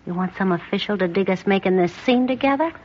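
A hip young beatnik woman, played by an actress, whispers her slang low and conspiratorially in an old radio drama. Her voice sits at a middling pitch. The recording sounds dull and muffled. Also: quick pace, darkish tone, close to an everyday voice. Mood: hushed, cagey.

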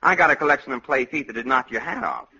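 Man playing a sleazy scandal researcher, husky, very bright and sharp, offhand, dull old radio sound. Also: mid-range voice, sing-song, quick pace, full character voice. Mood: smug. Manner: smug, offhand, blunt. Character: sleazy middle-aged male scandal researcher, smug and blunt. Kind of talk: 1950s radio comedy acting.

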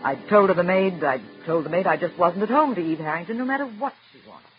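A composed, firm married woman, voiced by an actress in an old radio drama, narrating with a crisp, reserved manner. Her pitch moves in a lively way. The sound is dull and muffled, with music playing underneath. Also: fast, close to an everyday voice. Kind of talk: 1940s radio drama acting.

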